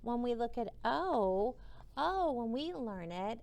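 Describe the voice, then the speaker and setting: Slow gravelly kindergarten teacher woman. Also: on the high side, very animated. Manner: slow, sounding out letters, gentle and encouraging. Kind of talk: phonics lesson for children.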